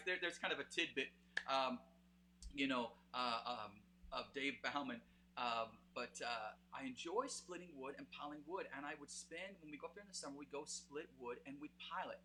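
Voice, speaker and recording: A man's voice: medium pitch, sharp tone, a little hiss or hum. A man with a Canadian accent hosts a live music stream in a casual, rambling way. He uses many fillers and talks straight to his viewers. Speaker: host of a live music show.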